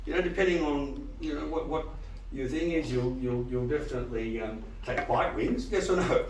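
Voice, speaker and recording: Animated man lecturing in an echoey hall. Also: mid-range voice, moderate pace, recorded from a distance, a little hiss or hum. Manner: animated, quizzing the audience, frequent "right?". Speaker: dental lecturer. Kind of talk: live lecture to dentists. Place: lecture room with audience.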